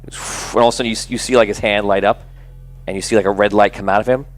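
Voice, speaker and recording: A man's voice: on the low side, fairly even intonation, racing, faint music behind. A man narrating a tabletop game as game master, rambling with lots of fillers. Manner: rambling, filler-heavy, laughing.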